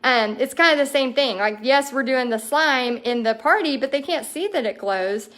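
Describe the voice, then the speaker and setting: A woman's voice: high-pitched, normal speed, a bit bright. A woman hosting a casual livestream, chatting through viewer comments with bubbly enthusiasm and frequent ums. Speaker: host of a paint party business livestream.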